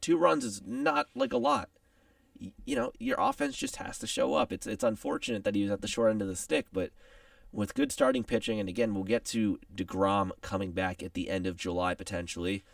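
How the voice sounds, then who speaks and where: Young male sports talk co-host, lowish gravelly voice, lively, easygoing and conversational, dry and a bit off mic. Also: a little fast, no echo, far from the mic. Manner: casual, conversational, jokey.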